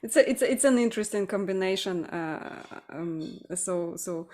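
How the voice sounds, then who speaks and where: A woman's voice: mid-range voice, moderate pace, a little mellow. A woman with a Russian accent chatting about art and song lyrics, thoughtful and hesitant, with many fillers. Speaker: podcast host.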